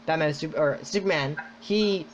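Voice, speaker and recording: A man hosting a podcast in casual chat, rambling and excitable, full of "like". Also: on the high side, moderate pace, slight background noise. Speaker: podcast host. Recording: dull lo-fi sound.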